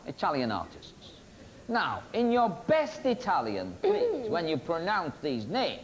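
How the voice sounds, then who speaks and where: Teasing quiz host. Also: male voice, high voice, wildly swooping pitch, a little slow, faint music behind. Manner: teasing, jokey banter with contestants. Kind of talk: game show hosting. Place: TV studio with audience. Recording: noisy 1990s TV broadcast.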